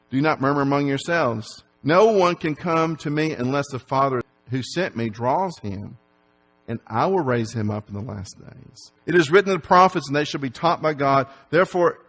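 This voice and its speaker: A man's voice: on the high side, a bit bright. A man preaching a sermon in a church, reading scripture aloud and asking the congregation rhetorical questions. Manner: reads scripture aloud and leads the congregation in call-and-repeat; asks rhetorical questions with rising emphasis.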